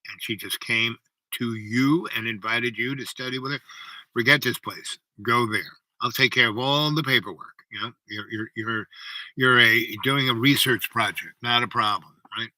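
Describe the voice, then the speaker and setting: A man's voice: medium pitch, steady tone, normal speed, pushed and bright, no room sound, poor audio. A man voicing an old university president in a story, matter-of-fact and reassuring, close to his own voice. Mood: amazed.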